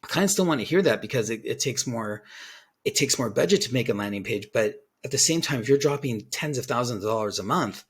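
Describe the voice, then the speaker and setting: A man with a husky, slightly rough voice at an ordinary middle pitch talks through an explainer in a casual, rambling way. He keeps restarting his sentences and quotes clients aloud as he goes. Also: animated, brisk. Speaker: digital ad consultant. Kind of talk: casual talking-head explainer.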